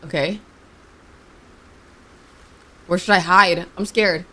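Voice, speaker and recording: A woman's voice: fairly low pitch, steady tone, takes it slowly, bright, forceful tone. A young woman streaming a game, chatting to herself and reading the characters' lines aloud. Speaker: gaming streamer. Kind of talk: playthrough commentary with read-aloud dialogue.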